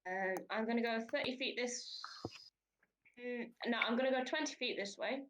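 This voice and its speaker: A woman's voice: a little high, normal speed, noisy background. A woman playing a tabletop game, chatty and correcting herself as she goes. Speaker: player. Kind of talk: casual chat at a game table.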